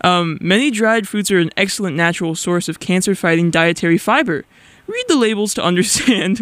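A man's voice: high-pitched, a bit bright, dry recording. A young man putting on a cheery public service announcer voice for a mock ad read. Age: young adult. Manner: slow, bouncy promo reading.

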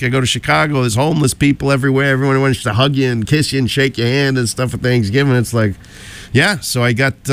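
A man with a hoarse, froggy voice from a cold, working as a radio DJ and chatting casually on air from a station studio, rambling with jokey asides. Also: mid-range voice, fairly bright tone, dry recording.

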